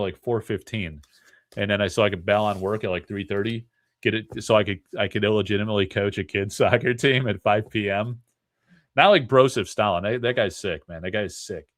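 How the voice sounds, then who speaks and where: A man's voice: mid-range voice, dry recording. A man hosting a live card break stream, chatting casually and rambling, with frequent laughs between remarks.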